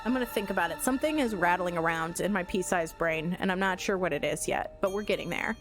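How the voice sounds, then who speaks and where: A woman's voice: lowish voice, fairly quick, over music. A young woman streaming a game, chatting with viewers, telling stories and thinking aloud in a giggly way. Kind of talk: casual live-stream chat.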